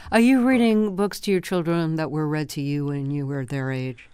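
A woman hosting an interview, asking questions in a measured way with dry teasing. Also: low-pitched, dark tone, smooth, no echo. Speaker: interviewer host. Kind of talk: radio interview.

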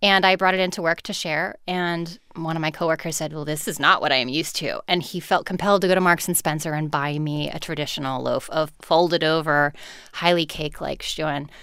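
A woman's voice: sits low, steady tone, brisk, a bit bright, clear, resonant tone, no room sound, studio quality. A woman guest in a casual radio interview, cheerful, laughing often and explaining things with care. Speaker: guest, colleague in digital media.

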